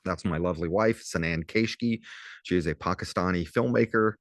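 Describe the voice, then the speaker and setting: A low-pitched man in his fifties with a faint Southern accent talks his students through a casual recorded lecture. He is chatty and wry, slowing right down to spell words out. The sound is dry and close. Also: dry recording. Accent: slight Southern US. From southern Louisiana. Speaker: professor.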